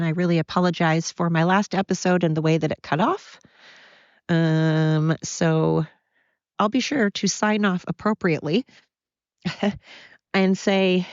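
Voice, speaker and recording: Rambling, apologetic middle-aged woman, lower voice. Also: darkish tone, no echo, muffled recording. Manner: rambling, apologetic, openly emotional. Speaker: podcast host. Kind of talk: confessional solo podcast.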